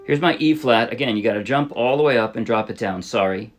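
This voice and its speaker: A man teaching a ukulele song in a relaxed, casual way, thinking aloud and correcting himself as he plays. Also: mid-range voice, fairly quick, over loud music. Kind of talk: casual instructional talk. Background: ukulele playing.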